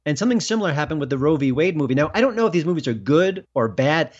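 Man, film critic guest, emphatic, indignant rises, fairly high voice, dull lo-fi recording. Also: lively intonation, racing. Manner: emphatic, rising pitch when indignant. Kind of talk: political interview. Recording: dull lo-fi sound.

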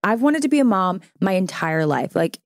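A woman's voice: medium pitch, big pitch swings, moderate pace, no echo, studio quality. A woman in her thirties, a podcast guest, talking earnestly in casual chat, saying "like" a lot and acting out quotes. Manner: earnest, heavy use of "like", acts out quotes.

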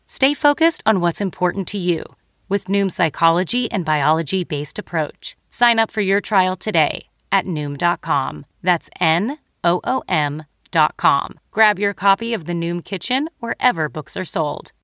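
Brief: female announcer, smooth upbeat ad read, lowish voice, dry sound. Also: lively intonation, measured pace, a bit bright, no echo. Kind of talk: scripted ad read.

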